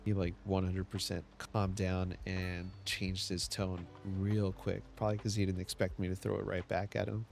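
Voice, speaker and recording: Low and rough, this man talks in a loose, rambling way while he builds in a game. His voice sits very deep with a gravelly edge. Soft game music plays behind him. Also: little pitch movement, normal speed, few pauses. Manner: rambling storytelling with many restarts. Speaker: streamer. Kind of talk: casual gameplay chat. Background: faint game music.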